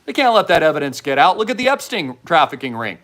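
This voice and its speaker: A man's voice: a little high, sing-song, fast talker, fairly bright tone. Fervent man preaching a warning. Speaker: host. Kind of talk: commentary monologue.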